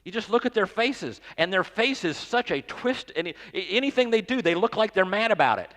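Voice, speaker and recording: A man's voice: high voice, very animated, normal speed, few pauses, fairly bright tone, in a large hall. A pastor giving a sermon in a conversational, joking way, often repeating words as he goes. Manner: conversational, self-deprecating, stammers and repeats words. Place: church sanctuary.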